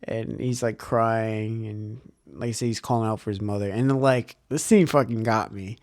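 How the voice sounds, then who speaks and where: A man's voice: on the low side, steady tone, normal speed, a little mellow, no echo, studio quality. A man casually recapping and reviewing a horror movie, rambling with many fillers and repeated words, swearing freely.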